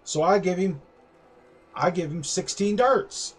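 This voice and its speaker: A man's voice: high voice, a little slow, slightly rough, soft background music. A man on a game stream telling a long story about working a carnival dart booth, acting out the people in raised voices. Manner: animated anecdote, acting out customers in raised voices.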